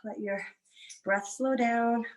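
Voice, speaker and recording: A Canadian woman with a high, bright-sounding voice leads a home workout as the coach. She talks upbeat and encouraging, cheering people on through the reps and counting down each round. She is out of breath from keeping up with the class. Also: fairly even intonation, takes it slowly. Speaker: fitness coach.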